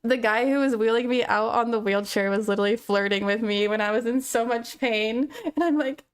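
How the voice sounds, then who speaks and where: Chatty and laughing, a young woman live-streams a story to her viewers, reading their chat messages aloud along the way. Her voice sits a little high, clean in tone, and moves fairly quickly.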